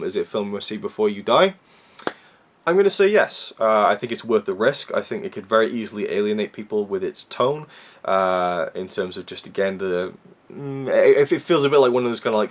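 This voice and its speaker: A man from Wales with a Welsh accent, reviewing a film in a casual, rambling way with many fillers and restarts. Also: sits low.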